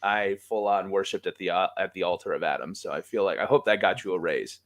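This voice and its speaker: A man's voice: low-pitched, fast talker. A man who is a guest on a podcast, joking playfully and teasing the others. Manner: playful teasing, expressive swings. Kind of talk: casual chat.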